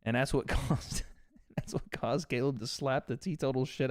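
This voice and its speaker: A man's voice: mid-range voice, normal speed, darkish tone, no echo, studio quality. A man from Tennessee hosting a livestream from a couch at home, chatting casually and profanely with his viewers and reading out their donations. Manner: laid-back and profane, reading out chat donations. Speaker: livestream host. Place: on a couch at home, without his usual setup.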